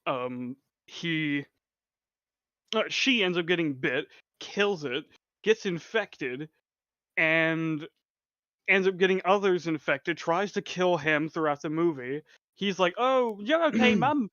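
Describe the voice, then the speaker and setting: A man's voice: on the high side, takes it slowly, bright, forceful tone, no room sound. A man co-hosting a casual movie chat, swearing freely and laughing often. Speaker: podcast co-host. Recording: dull, lo-fi and dry.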